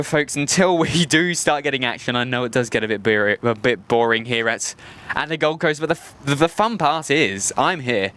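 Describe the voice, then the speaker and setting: An Australian man with a fairly high, slightly bright voice hosts a live plane-spotting stream outdoors at an airport, rambling casually, poking fun at himself, and laughing often. There's a little hiss or hum on the audio.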